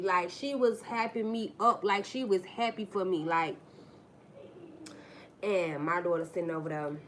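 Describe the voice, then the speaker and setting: A woman's voice: fairly low pitch, steady tone, a little slow, pauses often, slight background noise. A woman hosting a casual livestream, telling stories straight to her viewers in a blunt, profane way and acting out the people in them, on a phone mic. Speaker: livestream host. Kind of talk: casual live-stream storytelling.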